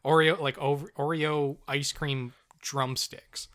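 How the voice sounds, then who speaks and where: A man co-hosting a casual podcast, telling an animated story with frequent laughter and free swearing. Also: fairly high pitch, slow. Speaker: podcast co-host. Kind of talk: casual chat.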